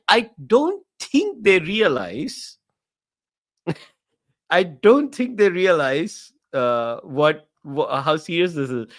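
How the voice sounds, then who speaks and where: A podcast co-host who speaks slowly and keeps breaking into giggles. His voice is high and bright, and its pitch swings up and down a lot in easy, casual chat. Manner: giggly, laughs through his words.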